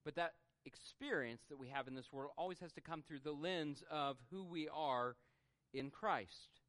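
A man's voice: fairly high pitch, normal speed, a bit bright. Earnest male preacher. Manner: earnest, self-deprecating, builds to emphatic peaks. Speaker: pastor. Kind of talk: sermon.

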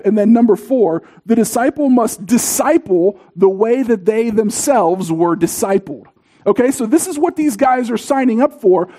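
A pastor in his thirties preaches in a loose, conversational way, slipping into stories as he goes. His voice sits very high for a man, with a mellow, relaxed tone. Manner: conversational, animated storytelling. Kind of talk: sermon.

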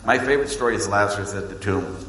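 A man preaching a sermon as pastor, swinging between loud emphasis and hushed, low lines. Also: quick pace, a little hiss or hum. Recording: echoey hall with long reverb.

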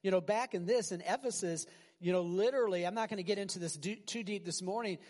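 A male pastor preaching an animated, conversational sermon full of rhetorical questions. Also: sits high, fast talker, in a large hall.

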